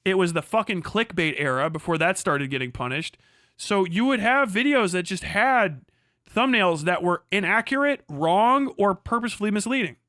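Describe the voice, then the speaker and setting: Profane ranting man, high bright voice. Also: expressive, normal speed, no room sound, studio quality. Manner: profane, sarcastic, quotes voices mockingly. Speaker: livestream host. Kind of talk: casual rant.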